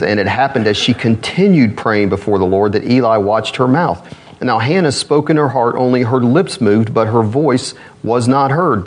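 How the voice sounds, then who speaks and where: An earnest male preacher delivering a sermon at a middling pitch. He reads scripture passages aloud and leans on rhetorical questions to draw in his listeners.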